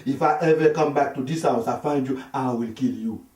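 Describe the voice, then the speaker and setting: Brief: male comic doing an angry African husband, high and loud, heavy accent, echoey room heard from afar. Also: recorded from a distance, natural voice. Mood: furious. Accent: African English. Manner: shouting, threatening, slow emphatic. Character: jealous, menacing African husband confronting an intruder.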